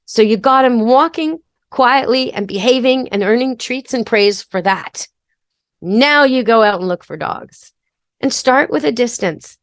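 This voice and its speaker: A woman pet expert talks through training steps in a practical, chatty manner. Her voice is fairly high. The recording is dry and close. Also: lively intonation, a little slow, no echo. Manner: practical, chatty, gives step-by-step advice. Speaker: pet expert and podcast host. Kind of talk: casual instructional talk.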